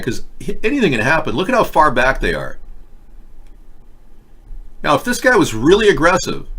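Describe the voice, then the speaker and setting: A man with a mid-range, fairly monotone voice hosts a live online talk show, rambling through casual commentary and tossing wry asides to his viewers.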